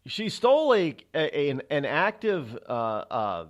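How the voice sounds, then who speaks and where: A male talk radio host tells a story in an amused, rambling way. He stumbles and restarts often, and his pitch swings widely as he talks. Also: sing-song, takes it slowly, muffled recording. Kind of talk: casual radio monologue.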